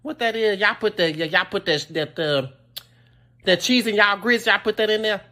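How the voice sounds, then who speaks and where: A man's voice: sits high, normal speed, sharp tone. A man doing an impression of a brash, sassy older Southern grandmother, bossy and drawling on a comic phone call. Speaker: prank caller.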